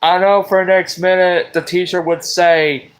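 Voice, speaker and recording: A man, ranting on a live stream from a table at home, exasperated, swearing often and breaking into loud outbursts. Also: high voice, flat delivery, moderate pace, low-quality recording. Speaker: livestream host. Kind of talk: rambling live-stream rant.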